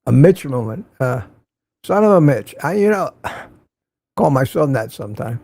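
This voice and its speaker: A man's voice: medium pitch, big pitch swings, a little slow, creaky, darkish tone, no echo. An older man hosting a casual morning livestream, greeting viewers by name and making wry asides. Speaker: livestream host.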